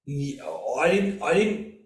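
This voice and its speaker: A man's voice: high voice, slow pace. Easygoing man in an echoey room. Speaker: podcast co-host. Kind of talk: casual film review chat.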